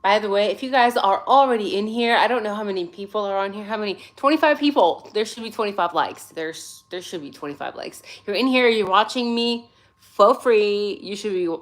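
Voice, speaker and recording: A woman in her forties, not a native English speaker, hosts a casual livestream from her phone. She's chatty and sassy, greeting viewers by name, tired but caffeinated. Her mid-range voice is expressive and a little fast.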